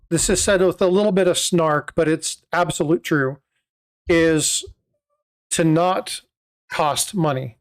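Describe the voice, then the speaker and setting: A man with a fairly high speaking voice hosts a casual livestream. He explains at length in loose, rambling sentences full of filler sounds and restarts. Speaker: host of a coin livestream.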